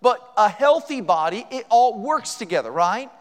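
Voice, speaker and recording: A man with a strikingly high voice preaches to a church congregation. His delivery is folksy and conversational, full of jokes and asides. His words ring out with a long reverb in a big hall. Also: very animated, normal speed. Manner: folksy, joking, conversational with rhetorical questions. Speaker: guest preacher. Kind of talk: sermon. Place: church sanctuary.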